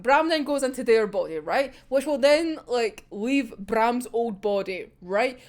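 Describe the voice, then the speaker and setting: Excitable young woman ranting about a manga, high and bouncy, laughs and swears constantly. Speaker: manga reaction vlogger. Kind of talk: casual fan reaction rant.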